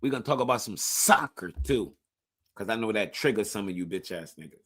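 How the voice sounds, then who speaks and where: A man's voice: fairly low pitch, expressive, fairly quick, fairly bright tone. A man live streaming in casual chat, profane and hyped, pushing his viewers.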